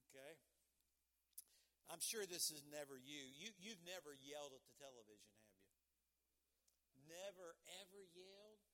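A male pastor preaching a sermon, swinging from bursts of shouting to hushed, low asides. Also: lively intonation, a little slow, pauses often.

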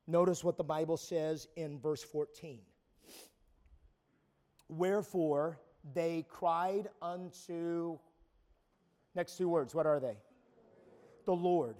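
High-voiced preacher stammering into shouts. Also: male voice, fairly even intonation, slow, pauses often. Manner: repetitive stammering restarts, builds to shouting. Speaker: pastor. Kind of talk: sermon. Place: camp meeting.

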